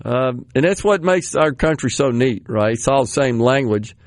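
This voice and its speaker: A man's voice: medium pitch, lively intonation, normal speed, dry recording, clean studio sound. A man in his sixties with a Southern American accent, hosting a radio talk show and reminiscing in a rambling way, often laughing. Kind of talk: casual studio chat. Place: radio studio. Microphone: studio microphone.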